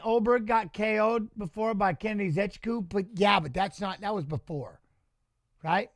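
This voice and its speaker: Middle-aged man, high voice, loose animated storyteller, dry studio sound, casual swearing host. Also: moderate pace, dry recording. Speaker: watch-along host and former fighter. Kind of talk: casual chat reading live chat.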